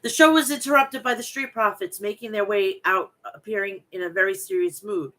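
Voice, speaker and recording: A woman's voice: mid-range voice, a little fast, sharp tone. A woman from Long Island with a thick New York accent and a nasal voice, chatting bluntly and recapping wrestling as a podcast host. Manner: chatty, blunt, swears freely. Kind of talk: casual chat and recap reading.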